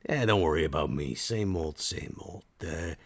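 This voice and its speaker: A man's voice: a bass voice, moderate pace. A man voicing a guarded, world-weary father on the run, with a laid-back drawl, in a tabletop role-play.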